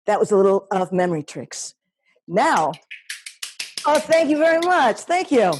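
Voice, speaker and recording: A woman's voice: mid-range voice, very animated, darkish tone, husky. A woman comedian casually setting up her next piece. She halts and restarts with plenty of fillers and pokes fun at herself along the way. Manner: halting, many fillers, self-deprecating. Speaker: solo performer and comedian. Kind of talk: casual introduction to a live-streamed performance.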